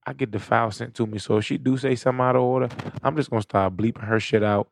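A man's voice: mid-range voice, fairly even intonation, fast, gravelly, no room sound. A man co-hosting a podcast, talking in loose, profane, joking street slang. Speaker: podcast co-host. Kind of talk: casual podcast banter.

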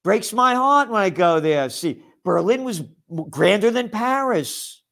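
A man's voice: high-pitched, expressive, a little slow, vocal fry, fairly bright tone. A man hosting a ranting news commentary, angry and sarcastic, mocking his targets with outraged asides. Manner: mocking asides, blah blah dismissals. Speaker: host.

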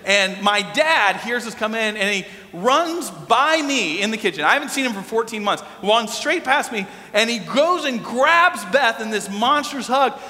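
High, bright-voiced storytelling pastor. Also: male voice, a little slow, few pauses. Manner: animated, lively storyteller. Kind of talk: storytelling sermon. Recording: long hall reverb.

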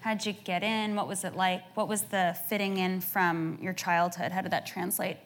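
A woman interviewing a guest in a casual onstage conversation, reacting with quick enthusiastic affirmations. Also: on the low side, steady tone, a little hiss or hum. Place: stage before a live audience.

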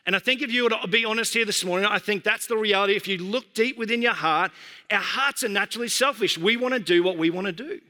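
Bright-voiced man preaching in a reverberant church. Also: sits high. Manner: earnest, conversational preaching with slowed emphatic phrases. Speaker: pastor. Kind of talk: sermon.

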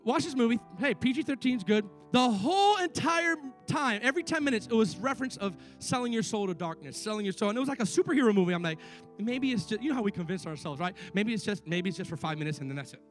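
A middle-aged pastor preaches a sermon quickly in a high, animated voice, with faint music behind him. He tells stories and builds with rising fervor to repeated, fervent pleas.

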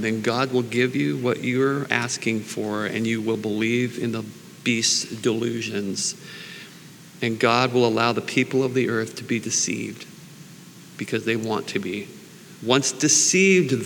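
A man preaching in an unhurried, earnest, informal way, mixing Bible readings with personal prayer. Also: medium pitch, vocal fry, fairly bright tone. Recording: long reverb, faint background noise.

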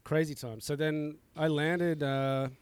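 A man's voice: fairly high pitch, steady tone, slow, clear, resonant tone, no echo. A middle-aged man, a coffee roaster, talking in a laid-back way with frequent chuckles and fillers on a casual podcast recorded outdoors.

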